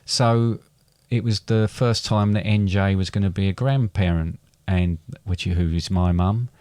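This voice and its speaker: A man's voice: low voice, fairly even intonation, measured pace, warm tone, smooth, dry recording. A middle-aged man, a father and podcast co-host, chatting casually and rambling with many restarts and fillers. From England. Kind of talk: casual chat.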